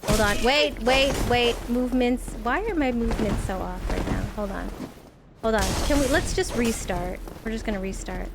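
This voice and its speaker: A young woman chatting casually while playing a game on a live stream, playful and scattered, reacting out loud as she goes. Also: a little high, normal speed, creaky, noisy background. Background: loud background music.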